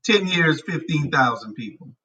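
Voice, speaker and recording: A man's voice: fairly high pitch, lively intonation, moderate pace, sharp tone, highs cut off. A man hosting a casual talk show, giving blunt, emphatic opinions. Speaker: show host. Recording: distant from the mic.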